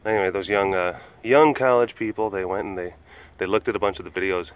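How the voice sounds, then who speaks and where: Recorded at an animal compound, this male podcast host talks fast in a low voice, with a little background noise audible. The chat is casual and rambling, and he often laughs and restarts what he's saying.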